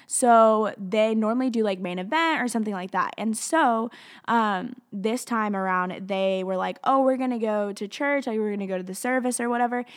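A young woman from Tennessee and Alabama with a Southern accent, telling a story in a casual vlog, chatty and gushing, full of "like" fillers. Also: medium pitch. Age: young adult.

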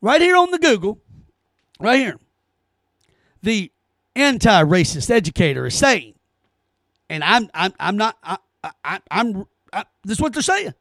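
A man's voice: high-pitched, big pitch swings, a little slow, long pauses, a bit bright, dry recording. A man hosting a solo commentary podcast, ranting in a heated, sarcastic way and often stammering as he reads aloud and reacts. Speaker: podcast host.

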